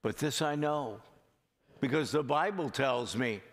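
A man delivering a sermon at an unhurried, deliberate pace, leaning into key phrases with earnest emphasis. His voice sits at an ordinary middle pitch. It rings out with a long reverb, as in a church sanctuary. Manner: slow, earnest preaching with drawn-out emphatic phrases. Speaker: pastor.

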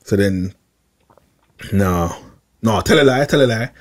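A young man, telling a long personal story in casual chat, animated and repeating himself, full of slang. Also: lowish voice, unhurried. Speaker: podcast regular.

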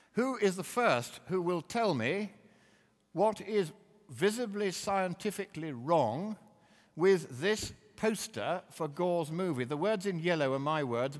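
A man giving a combative, mocking lecture with slides in a large hall. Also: on the high side. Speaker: public speaker.

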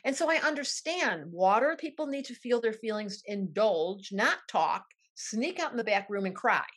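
An older woman astrologer talking with excitable enthusiasm in an interview, often acting out little quoted voices. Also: medium pitch, normal speed, slightly rough. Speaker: astrologer and guest.

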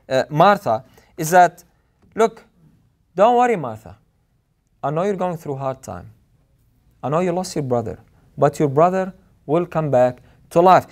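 Male preacher, slightly high voice, earnest and emphatic, leans on repetition. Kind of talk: sermon.

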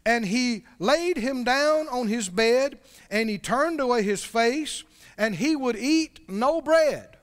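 A man with a very high voice preaches a sermon, asking his listeners questions as he reads aloud. His voice rings with the long reverb of a church hall. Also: lively intonation, takes it slowly. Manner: conversational preaching, asks the congregation questions. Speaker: pastor.

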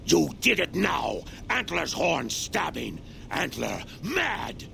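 Video game brute: an unhinged, gravelly super mutant who talks to a skull in halting bursts. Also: male voice, sing-song, bright, forceful tone, a little hiss or hum, full character voice. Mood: enraged. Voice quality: gravelly, deep-throated. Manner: halting, broken speech. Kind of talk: video game character dialogue.

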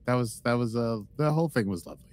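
A man's voice: medium pitch, quick pace, a little mellow, no room sound. A man co-hosting a podcast in casual chat, rambling and playful, with lots of fillers. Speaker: podcast co-host.

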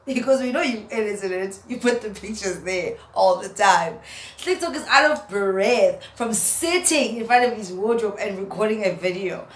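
A young woman, a vlogger, roasting someone in a mocking, animated rant to camera and laughing at her own jokes. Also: medium pitch, normal speed. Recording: roomy echo, faint background hum.

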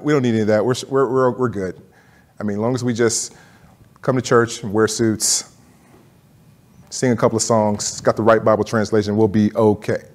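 A man's voice: fairly high pitch, husky. Casual, searching man preaching a sermon. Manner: conversational, repeats words, lots of "like" and "you get what I'm saying". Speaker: pastor. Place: church sanctuary. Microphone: live-streamed service mic.

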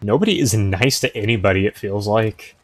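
A man's voice: fairly low pitch, fairly quick, no echo. A man giving casual gameplay commentary as a streamer, chatty and easily impressed as he muses aloud.

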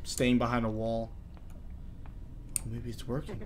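A man doing horror game commentary, jittery, chattering to himself and quick to panic. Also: medium pitch, fairly even intonation, very noisy. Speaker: gaming YouTuber.

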